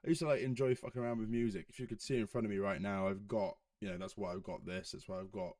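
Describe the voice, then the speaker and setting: A young man from Herefordshire hosts a solo podcast, talking in a loose, jokey ramble full of swearing and laughter. His voice sits low. It is recorded close and dry at his home setup. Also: fairly even intonation, fast talker, a little mellow, no room sound. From Herefordshire, England. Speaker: podcast host.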